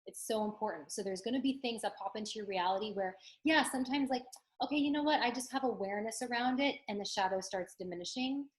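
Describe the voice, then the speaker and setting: A woman's voice: fairly high pitch, fast talker, low-quality recording. A woman spiritual coach talking through her techniques in a casual teaching monologue, chatty and earnest, full of "like" and "um". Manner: chatty, with frequent "like" and "um" fillers; earnest and encouraging.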